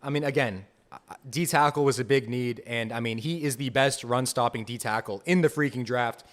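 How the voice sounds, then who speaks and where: Excited young man reacting live. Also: mid-range voice, moderate pace. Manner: excited, enthusiastic, repeats himself. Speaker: podcast host. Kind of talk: live fan reaction commentary.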